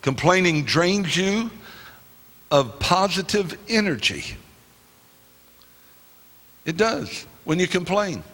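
High, bright-voiced preacher in a reverberant church. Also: male voice, big pitch swings, slow, pauses often. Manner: preaching, breaking into song. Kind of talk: sermon. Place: church sanctuary. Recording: long hall reverb, faint music.

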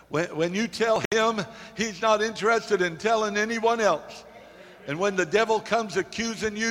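Preacher in a reverberant church. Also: male voice, high-pitched. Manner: rising to emphatic peaks, dropping to quiet confessional asides; repeats words in false starts. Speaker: pastor. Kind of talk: sermon.

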